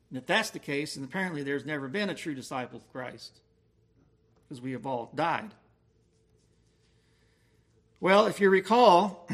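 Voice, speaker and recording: A man preaching an expository sermon, slowing down to stress key words. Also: fairly high pitch, fairly bright tone. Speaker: pastor.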